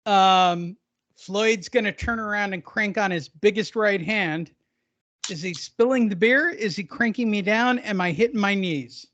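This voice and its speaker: A man's voice: high voice, measured pace, fairly bright tone, no echo, dull audio. A man co-hosting a boxing podcast, joking casually and spinning silly hypothetical fight scenarios. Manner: playful, spins silly hypotheticals. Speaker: podcast co-host.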